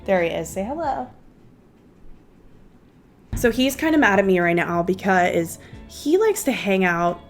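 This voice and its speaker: A young woman vlogger chatting casually to her viewers while doing her makeup at home. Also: mid-range voice. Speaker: beauty vlogger. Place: home guest room used as office.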